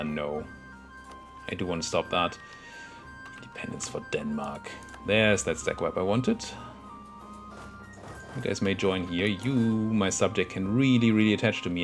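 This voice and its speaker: A young man casually commentating his own strategy game, thinking aloud and muttering at the units on screen. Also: low voice. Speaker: gameplay commentator.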